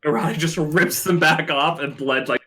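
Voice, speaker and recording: A young man playing a tabletop game casually, animated and laughing often. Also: on the high side, normal speed. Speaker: player.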